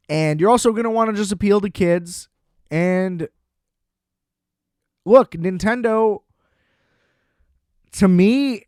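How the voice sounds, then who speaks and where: Young guy rambling about a movie on his podcast, kinda high voice, smooth and clean, dry close mic. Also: no room sound. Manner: animated, loose, swears casually. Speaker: podcast host. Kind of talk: casual movie review monologue.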